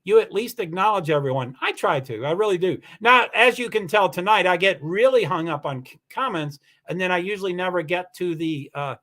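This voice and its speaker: A man's voice: sits high, a little fast, hardly any pauses, sharp tone. A middle-aged man hosting a casual livestream, telling a rambling story with lots of restarts and reading viewer comments aloud. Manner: rambling, many restarts, laughs while telling stories.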